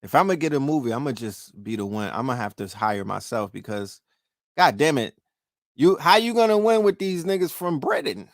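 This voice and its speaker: A man's voice: mid-range voice, big pitch swings, normal speed, no echo, studio quality. A middle-aged man with a New York accent hosting a casual show, talking profanely and throwing questions at his listeners. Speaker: podcast host. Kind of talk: casual livestream talk.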